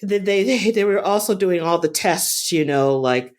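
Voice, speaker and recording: A woman telling a personal story in a casual, halting way, often repeating words and restarting sentences. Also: on the low side, expressive, a little mellow. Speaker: storyteller recounting a personal experience.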